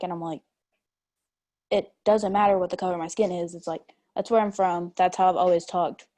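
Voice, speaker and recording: A woman's voice: fairly low pitch, fairly even intonation, normal speed, dark tone. A young woman with an East Tennessee country accent, speaking candidly as a panelist in an online discussion and telling stories. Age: young adult. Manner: candid and storytelling. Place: video call.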